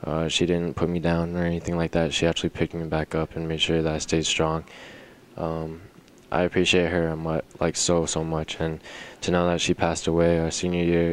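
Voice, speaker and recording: A teenage boy giving a halting, heartfelt memorial tribute to a classmate, full of fillers. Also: very deep voice. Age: teens.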